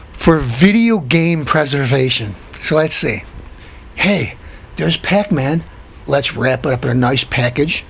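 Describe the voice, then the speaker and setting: A man with a high, gravelly voice rants as host of his own show. He circles back over the same words again and again and then leaps into squeaky, indignant outbursts. The rasp and the fry stay under everything he says. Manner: ranting, repetitive, swings into high excited outbursts. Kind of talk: comic political rant.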